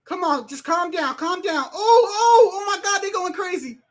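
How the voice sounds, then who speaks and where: A livestream host giving live, excitable commentary while watching a fight, often exclaiming, swearing freely, and talking straight to the fighters and referee. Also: very high voice, normal speed. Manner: reads viewer messages aloud.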